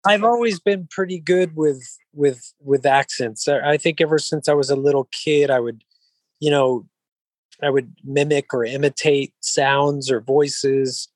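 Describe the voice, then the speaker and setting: A man, an actor being interviewed, who talks in an even-keeled, mellow way, rambling with frequent restarts and filler phrases. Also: a little high, measured pace, no echo, poor audio. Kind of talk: relaxed interview conversation.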